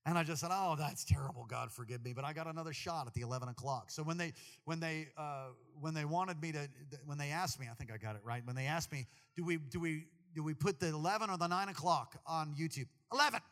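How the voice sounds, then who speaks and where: A man preaching a sermon to a congregation, animated and jokey, talking straight to the people in the church. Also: on the high side, quick pace, few pauses, big-room sound. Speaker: pastor.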